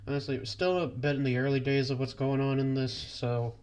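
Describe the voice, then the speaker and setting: A man co-hosting a podcast in casual chat, rambling with halting restarts and laughing between phrases. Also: medium pitch, flat delivery, a little mellow. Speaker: podcast co-host.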